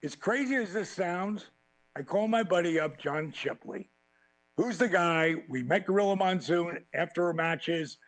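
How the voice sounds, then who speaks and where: A man as a podcast guest telling profane, animated stories and acting out quotes. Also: high voice, a little slow, dry recording, rough recording. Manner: animated, swearing freely, acts out quotes. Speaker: podcast guest, former wrestling champion. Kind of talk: profane storytelling in a podcast interview.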